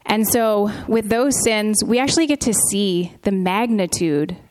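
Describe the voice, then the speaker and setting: Woman talking about her faith, earnest, lots of ums, mid pitch. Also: measured pace, darkish tone. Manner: earnest, with frequent ums and restarts. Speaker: podcast co-host. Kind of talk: candid Christian testimony.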